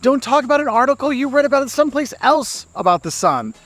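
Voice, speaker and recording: A man from the United States giving casual travel advice to camera outdoors in a city, chatty, often repeating words and slipping into quick mimicked asides. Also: very high-pitched, animated, fairly bright tone, soft background music. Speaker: travel vlogger.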